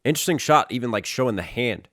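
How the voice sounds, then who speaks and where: A man's voice: medium pitch, animated, quick pace, very noisy. A man, a rapper, breaking down a song in reaction commentary, analytical and often checking in with "right?". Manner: analytical, keeps asking "right?".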